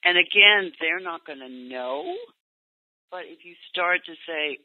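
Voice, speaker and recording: A man coaching parents on a call, speaking gently and acting out what parents and teens might say. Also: high-pitched, lively intonation, unhurried, gravelly. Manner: gentle, acts out parent and teen lines in quotes. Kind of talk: coaching session over a call. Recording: tinny phone line, dry.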